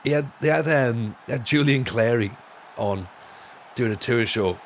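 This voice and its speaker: A man's voice: mid-range voice, normal speed. Guy streaming from home, jokey rambling chat, bit of room noise. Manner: rambling, jokey, full of restarts and laughs. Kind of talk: casual live-stream chat while gaming.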